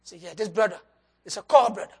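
A preacher giving a sermon and altar call, swinging between loud emphasis and soft drops, with loose grammar. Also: medium pitch, fast talker, slightly rough. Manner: loose, nonstandard English grammar.

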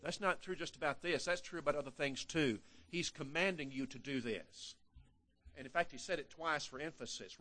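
Older man preaching, loud and hushed. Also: fairly high pitch, a little fast. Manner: emphatic, swings between loud and hushed, repeats words. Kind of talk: sermon.

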